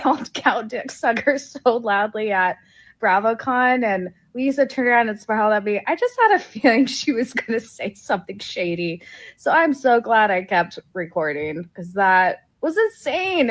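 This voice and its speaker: Giddy high-voiced woman fan. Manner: giddy, breathless, laughing through words. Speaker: fan in a video clip. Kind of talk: excited selfie video.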